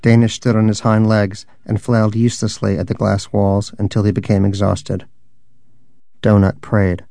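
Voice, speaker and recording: Low-voiced man telling a wry story. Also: level tone, normal speed, gravelly, warm tone, no echo, clean studio sound, faint music behind. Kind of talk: scripted narration.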